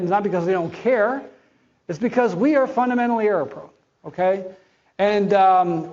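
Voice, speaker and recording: A man with a fairly high voice gives a conference talk in a blunt, conversational way, tossing in slangy asides. The audio is dull and lo-fi. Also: darkish tone. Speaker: chief medical officer giving a conference talk.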